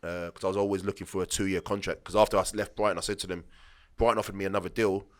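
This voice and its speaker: Speaking rapid-fire with a deep voice and flat delivery, a man in his late thirties who used to play football guests on a podcast. He rambles through casual stories, restarting often and performing the quoted dialogue.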